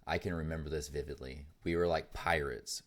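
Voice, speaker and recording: Very deep-voiced man, rambling and laughing. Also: steady tone, fairly quick. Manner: rambling, laughs often, swears casually. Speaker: podcast co-host. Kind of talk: casual chat. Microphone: desk mic setup.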